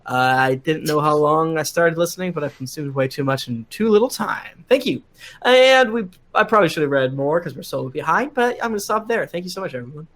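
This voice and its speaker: A man's voice: on the high side, expressive, a little fast, a bit bright. A man on a live-streamed podcast who casually reads listener reviews aloud, rattling through them with frequent "uh"s and little chuckles. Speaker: podcast cast member reading listener reviews. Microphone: desk mic on a live stream.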